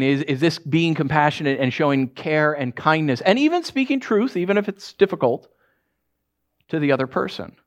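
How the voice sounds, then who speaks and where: A pastor delivering a sermon, his voice pitched a touch high for a man and swinging widely up and down. He preaches conversationally, dropping in jokes and asides to the congregation. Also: lively intonation, normal speed.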